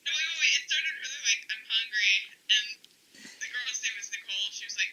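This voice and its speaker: A woman in a casual late-night chat, telling a story in a giggly way with quick restarts. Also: fairly high pitch, lively intonation, pushed and bright, a little hiss or hum, low-quality recording.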